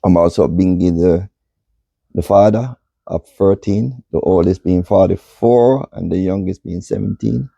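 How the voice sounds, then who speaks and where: A man in his sixties, hoarse after losing his voice, giving slow, measured answers as a podcast guest. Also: sits low, warm tone, no echo, highs cut off. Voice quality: gravelly, husky. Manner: slow, measured and unhurried, speaks in long pauses. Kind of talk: reflective interview answers.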